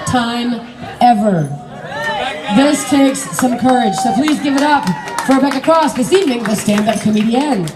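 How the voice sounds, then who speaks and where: A woman's voice: on the high side, moderate pace. A woman emcee giving an upbeat introduction to the next act, projecting to the room. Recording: echoey hall, far mic, crowd and music.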